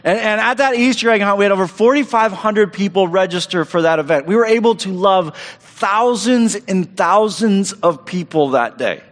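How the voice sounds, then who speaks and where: A man's voice: sits high, moderate pace, hardly any pauses, big-room sound. A man preaching as pastor to his church, enthusiastic and repeating himself as he restarts his phrases. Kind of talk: sermon. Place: church auditorium stage.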